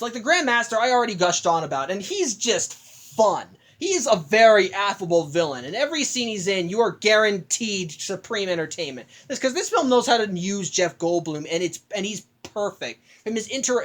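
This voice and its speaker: A woman giving a casual, rambling, enthusiastic film review with many restarts. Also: medium pitch.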